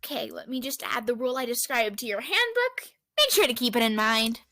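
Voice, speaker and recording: A woman's voice: a little high, lively intonation, brisk, pushed and bright, no room sound. A woman voicing a taunting male robot bear headmaster in a fan dub, sing-song and theatrical. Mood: mocking.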